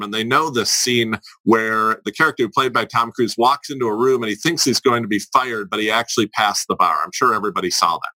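A man who is a presentation coach, giving advice as a podcast guest in a deliberate, emphatic way that repeats key phrases. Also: medium pitch, bright, forceful tone, dry recording, poor audio.

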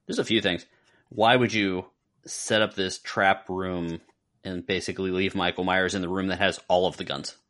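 A man's voice: low voice, steady tone, normal speed, a bit bright. A man co-hosting a casual podcast, reviewing a film in a loose, rambling way with fillers and restarts. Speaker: podcast co-host. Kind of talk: casual movie review chat.

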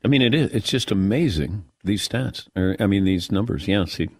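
A man's voice: lowish voice, moderate pace, breathy edge, no echo, clean studio sound. A man hosting a sports radio show, casually talking basketball and teasing his co-hosts. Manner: lively, teasing, expressive. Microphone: studio microphone.

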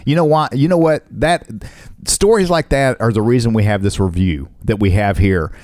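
A man's voice: moderate pace, dry recording, clean studio sound. A man co-hosting a comedy podcast, chatting and teasing in casual banter. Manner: jokey, teasing, lively pitch swings. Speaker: podcast co-host.

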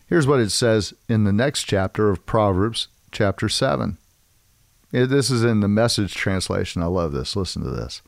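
A man hosting a devotional men's ministry talk. He speaks emphatically and repeats key phrases slowly. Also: lowish voice, expressive, gravelly, dry recording, studio quality. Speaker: host and preacher.

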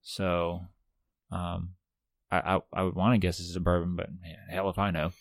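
Man host, lowish pitch, dry close sound, easygoing jokey chat. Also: flat delivery, moderate pace, no echo. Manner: joking, chatty, self-deprecating. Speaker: podcast host. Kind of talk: casual whiskey-tasting chat.

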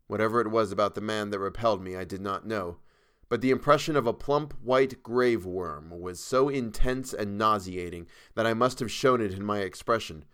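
Male podcast narrator, horror story reading, measured, even, darkly dramatic. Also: on the low side, clear, resonant tone.

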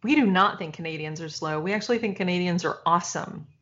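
A woman's voice: on the low side, fast, a bit bright, highs cut off. A woman in her forties from Michigan, a podcast co-host chatting casually and laughing as she tells a family story. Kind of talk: casual chat.

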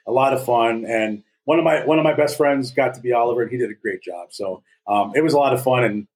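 A man's voice: mid-range voice, quick pace, darkish tone, poor audio. A man in his forties co-hosting a casual podcast, telling stories with jokes and a lot of filler words. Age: 40s. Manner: jokey storyteller, slips into silly put-on voices. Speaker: podcast co-host. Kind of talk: casual chat.

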